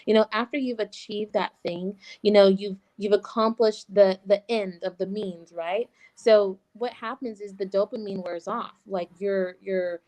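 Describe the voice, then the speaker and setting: A woman's voice: medium pitch, a little slow, few pauses, poor audio. Upbeat woman podcast host. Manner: animated, affirming, says "like" and "right?" often. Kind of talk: casual chat.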